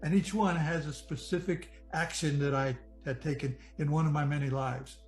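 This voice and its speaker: A man from Michigan giving an earnest personal testimony about nearly drowning, reflective and halting, often restarting his sentences. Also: a little high, steady tone, rough recording. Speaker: near-death experience storyteller. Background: soft music.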